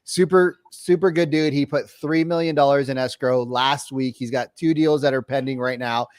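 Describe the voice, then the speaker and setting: A man coaching on sales in casual podcast chat, animated and slangy, acting out calls in quick voices. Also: mid-range voice, no echo, clean studio sound. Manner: slangy, says bro and dude.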